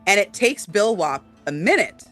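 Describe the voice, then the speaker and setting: Bright-voiced woman co-host, lots of "um". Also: medium pitch, very animated, moderate pace, soft background music. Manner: lots of fillers, says "right?" often. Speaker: podcast co-host. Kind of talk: casual chat about tabletop games.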